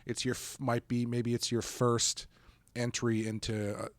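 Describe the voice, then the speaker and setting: Rambling, relaxed male podcast co-host. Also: medium pitch, a little slow, dry recording. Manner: rambling, self-correcting, relaxed. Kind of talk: casual chat.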